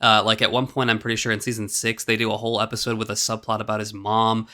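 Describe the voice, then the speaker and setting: Bright-voiced sarcastic man. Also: lowish voice, flat delivery, quick pace. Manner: sarcastic, exasperated, swears freely. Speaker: video essay host. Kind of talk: commentary.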